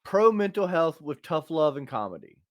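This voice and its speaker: A man's voice: a little high, very animated, moderate pace, no echo, studio quality. A man co-hosting a podcast, talking in a blunt, emphatic and profane way as he rants about tough love. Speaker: podcast co-host. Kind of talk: casual opinionated podcast chat.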